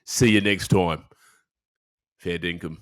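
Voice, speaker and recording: A man hamming up a mock-Australian sponsor announcer with a deep, low-pitched voice, stretching his words out in a slow, over-the-top ad-read drawl. It's a jokey put-on Australian accent, played broadly for laughs. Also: steady tone. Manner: hammy, drawn-out ad-read delivery.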